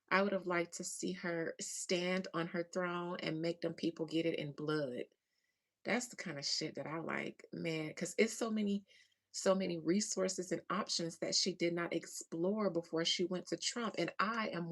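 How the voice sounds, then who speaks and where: Slow-talking woman, casual chat host. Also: on the low side, gravelly. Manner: animated, laughs often, slangy, slow drawn-out delivery. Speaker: host reading chat comments.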